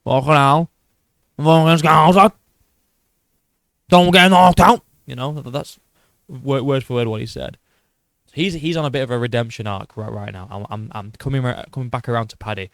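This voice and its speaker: A man hosting a casual commentary, excitable and profane, rambling with restarts. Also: mid-range voice, a little fast, no echo, clean studio sound. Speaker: host.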